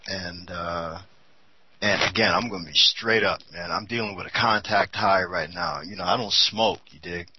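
A man's voice: low voice, steady tone, moderate pace, dull audio, noisy background. A tired man talking candidly and casually, rambling with many fillers. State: tired and a bit high. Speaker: commentator on a talk show.

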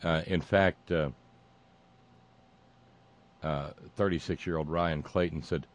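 A man hosting a sarcastic political commentary monologue, mocking and meandering with frequent pauses and restarts. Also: extremely low pitch, fairly even intonation, no echo.

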